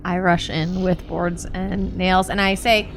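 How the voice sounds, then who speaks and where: A woman's voice: on the low side, flat delivery, unhurried, a little hiss or hum. Wry woman at the game table. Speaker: player. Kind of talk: casual tabletop play.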